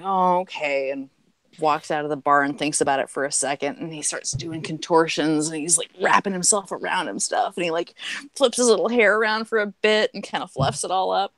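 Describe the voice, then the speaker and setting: Joke-telling woman with a low voice. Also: dry recording. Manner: animated joke-telling with acted voices and many fillers. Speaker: podcast guest. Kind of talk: casual chat, telling jokes.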